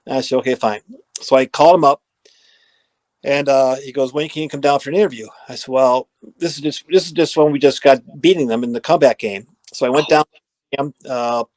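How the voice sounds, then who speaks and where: A middle-aged man tells stories from his years as an equipment manager, slipping into the voices of the people he quotes. His pitch sits in the middle and the sound is dry and close. He is animated and talks like a natural storyteller. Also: no room sound. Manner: lively anecdotes, acting out quoted dialogue. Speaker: former assistant equipment manager, guest. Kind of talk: storytelling in a podcast interview.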